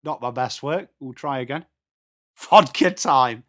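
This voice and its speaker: Speaking at medium pitch and an unhurried pace, an English-accented, middle-aged man from England hosts a football watchalong stream. Chatty throughout, he addresses viewers by name, reads their messages and calls the play in real time.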